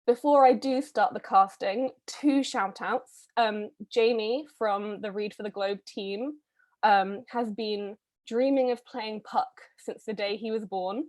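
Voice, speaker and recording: A woman hosting a live online read-through, casting roles in a chatty, brisk way with frequent ums, heard over a video call. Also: mid-range voice, darkish tone. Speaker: read-a-thon host casting readers.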